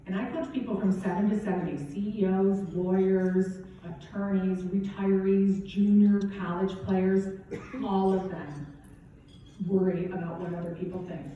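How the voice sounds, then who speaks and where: A middle-aged woman golf coach gives a casual, conversational motivational keynote in an event hall at a golf championship, frequently asking "right?". Her voice is medium-pitched, steady, and dark, at a measured pace with slight background noise. The recording is from a distant, dull mic in a very echoey hall.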